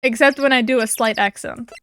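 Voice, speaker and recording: A woman's voice: high-pitched, slight background noise. A woman streamer giving casual, giggly, self-deprecating commentary on a game.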